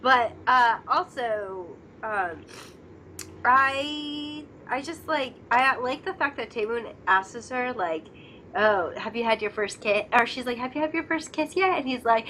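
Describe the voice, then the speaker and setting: Young woman co-host, high bright voice, giggly chatter acting out scenes. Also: slow, a little hiss or hum. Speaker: co-host of a drama discussion channel. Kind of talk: casual chat.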